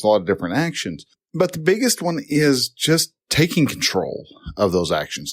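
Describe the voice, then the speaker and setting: A man hosting a podcast, giving advice in an unscripted monologue, rambling with many restarts and getting more animated when he is passionate. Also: on the low side, no room sound, clean studio sound.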